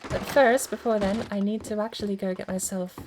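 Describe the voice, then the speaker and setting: Over a noisy background, a woman talks a little fast in a steady, mid-range voice. She's streaming a game and chatting casually, thinking out loud while adjusting settings and over-enunciating each word.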